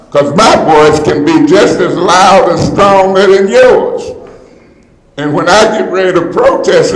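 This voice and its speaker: A man speaking as a city council member in a heated public meeting, confrontational and indignant, often hollering his points. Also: high-pitched. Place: council chamber. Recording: echoey council chamber with long reverb.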